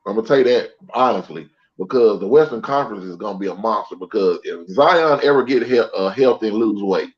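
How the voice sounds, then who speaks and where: A man in the middle of a casual sports debate, blunt and quick to joke, his points spilling out in long run-on stretches. The audio is dull and lo-fi. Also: fairly low pitch, animated. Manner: blunt, joking, talks in long run-on takes. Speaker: sports show co-host.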